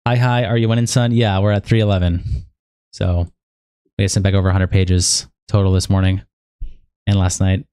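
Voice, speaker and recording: A man's voice: low voice, little pitch movement, normal speed, pauses often, dark tone, clear, resonant tone, dry recording, studio quality. A young man hosting a livestream in a loose, casual way, cursing freely as he catches viewers up on progress. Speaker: livestream host.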